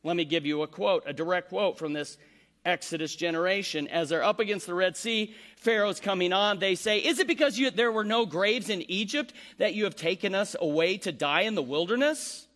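A man preaching a sermon, animated, acting out the complaints he quotes. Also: high-pitched, brisk. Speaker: pastor.

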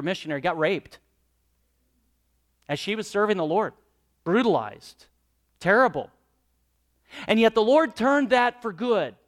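A high-voiced man preaches a sermon. He presses his points with loud, emphatic lines, then drops into quiet, low asides. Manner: emphatic, rising and dropping between loud exclamations and hushed asides. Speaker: pastor.

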